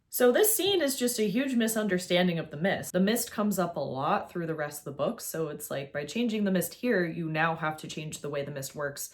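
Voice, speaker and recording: A young woman in a casual, opinionated video essay, chatty and full of "like"s, talking to a camera at home. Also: low-pitched. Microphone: facing a camera.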